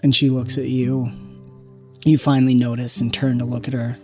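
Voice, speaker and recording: A game master narrating a tabletop role-play scene in a slow, soft storytelling manner. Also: mid-range voice, flat delivery, soft background music. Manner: slow, drawn-out storytelling with soft drops in volume.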